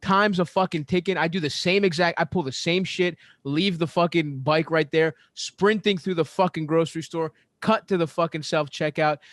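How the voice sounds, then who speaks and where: A man with a slightly high voice rants through a sports story on a podcast, swearing constantly and speeding up in fast bursts. The sound is dry and close, with no room echo. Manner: profane, animated, ranting, fast bursts. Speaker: podcast co-host.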